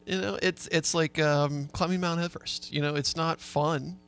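Gravelly-voiced male radio co-host. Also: a little high, fairly even intonation, normal speed, a bit bright. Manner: easygoing, gives researched facts with hesitant fillers. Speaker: radio sports talk co-host. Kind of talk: casual sports radio chat.

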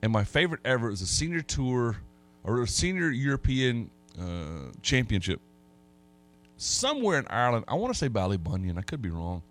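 A sports talk radio host chats casually, telling folksy, rambling stories with many restarts. He has a mid-range, sing-song voice and talks at a normal speed.

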